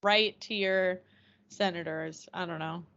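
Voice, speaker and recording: A woman co-hosting a podcast, chatting in a relaxed, wry way and thinking aloud as she talks. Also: lowish voice, a little slow. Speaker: podcast co-host. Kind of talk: casual chat. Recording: dull lo-fi audio.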